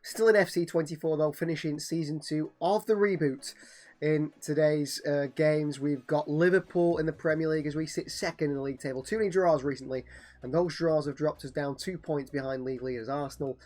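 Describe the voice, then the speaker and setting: A channel host with a hoarse, fairly high voice commentates on a football video game. He moves from calm play-by-play to excited shouting whenever a goal goes in.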